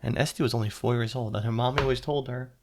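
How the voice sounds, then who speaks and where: A man telling a children's story aloud in simple, gentle words, pausing to quiz the listening child. His voice is gravelly, at a middle pitch. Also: steady tone, a little hiss or hum. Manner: interactive, asks the listening child questions.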